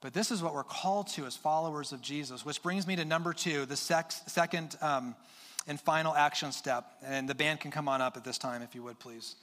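A man preaching a sermon as pastor, earnest and urging, stressing his points with pauses and repeated words. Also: fairly high pitch, a bit bright, big-room sound. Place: church sanctuary with long reverb.

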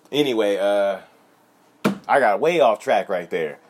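A man's voice: on the low side, expressive, measured pace, background noise. A man in his thirties delivering a profane, comedic rant with laughing asides. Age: 30s. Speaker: comedian host.

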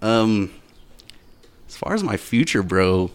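Male guest, lowish voice, relaxed, profane, buddy talk. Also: slow, smooth. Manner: easygoing, swears freely, says dude and man. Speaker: podcast guest. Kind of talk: casual chat.

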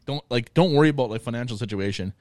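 Young Minnesotan podcast co-host, foul-mouthed and animated, dry close mic. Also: male voice, medium pitch, quick pace, no room sound. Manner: crude, swearing, animated ranting. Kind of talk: casual chat.

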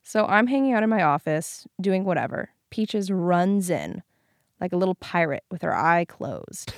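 A woman's voice: lowish voice, big pitch swings, moderate pace, no room sound, studio quality. A woman co-hosting a podcast in casual chat, rambling with plenty of fillers like "um" and "like". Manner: rambling, lots of "like" and "um". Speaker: podcast co-host.

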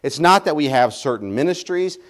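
A man's voice: a little high, lively intonation, a little fast. A man preaching a sermon as pastor, speaking emphatically and building his points through repetition.

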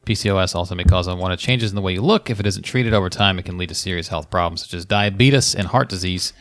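A man's voice: low voice, fast, no echo. A man co-hosting a casual podcast, reading a listener's letter and a medical web page aloud with a laugh in his voice.

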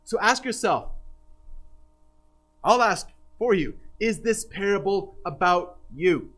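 A man's voice: sits high, lively intonation, slow pace, a bit bright, low-quality recording. A man preaching a sermon as pastor, earnest and emphatic, with frequent restarts.

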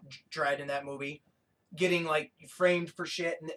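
A man co-hosting a podcast in casual chat, talking in a rambling, excitable way with plenty of swearing. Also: a little high, normal speed, rough recording. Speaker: podcast co-host.

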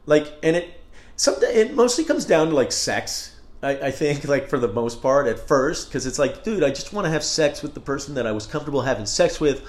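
A man's voice: on the high side, expressive, a little fast. A man hosting a casual solo podcast, talking in a rambling, candid and profane way. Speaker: podcast host. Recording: roomy echo.

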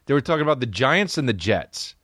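A man's voice: medium pitch, big pitch swings, fairly quick, fairly bright tone, no room sound, studio quality. A young man hosting a solo comedy podcast, telling rambling stories full of swearing. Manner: profane, rambling storytelling. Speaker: podcast host.

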